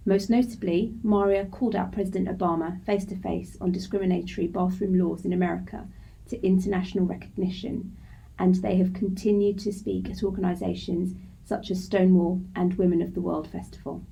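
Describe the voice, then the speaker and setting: A woman reading out a speaker's biography at a live event in a steady, formal way. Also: fairly low pitch, a little fast, creaky, slightly rough, low-quality recording. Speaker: event presenter.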